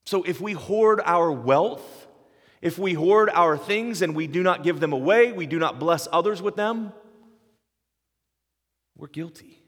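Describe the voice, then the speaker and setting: A man's voice: high voice, a little slow, pauses often, a bit bright, big-room sound. A man in his forties preaching a sermon, earnest and emphatic, building up with repeated phrases. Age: 40s. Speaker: pastor.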